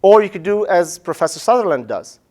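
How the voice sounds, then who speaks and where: A male professor giving a casual, animated lecture on public speaking. He often asks "right?" and acts out the listeners' reactions. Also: high-pitched, brisk. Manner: casual, says "man" and "right?".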